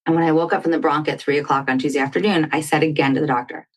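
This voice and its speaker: Rapid-fire and deep-voiced, this woman is a podcast guest sharing a personal story. She acts out the dialogue of other people with animated energy as she goes.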